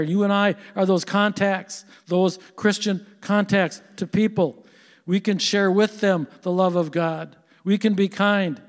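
An older man gives a sermon in a church sanctuary, his voice a bit higher than most men's. He preaches in an earnest, conversational way, often turning to his listeners with questions. The sound carries a long reverb from the hall. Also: darkish tone. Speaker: pastor.

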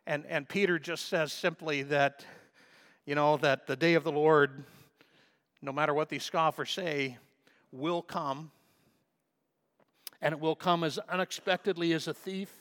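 A man's voice: a little high, steady tone, a little slow, pauses often, a bit bright. A man preaching a sermon in an earnest, emphatic way, sometimes stumbling and restarting as he builds his points.

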